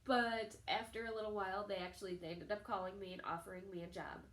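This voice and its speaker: Young woman, vlogger, chatty storytelling, middle pitch, roomy echo. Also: quick pace. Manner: chatty, animated, acts out quoted people in a higher voice. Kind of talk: casual storytelling to camera. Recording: echoey room.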